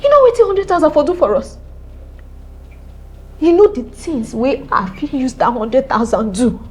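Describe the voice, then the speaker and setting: An actress playing a bitter, struggling older sister, scolding and accusing, with a Nigerian accent. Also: female voice, high voice, lively intonation, normal speed, warm tone. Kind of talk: Nollywood film acting.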